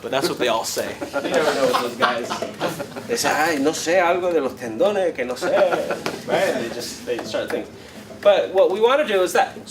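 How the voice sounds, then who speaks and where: In a workshop room, a man with a somewhat high voice teaches flamenco guitar in a casual, chatty style, often checking in with "right?" and "okay?". The recording is low quality, with loud guitar playing under his voice.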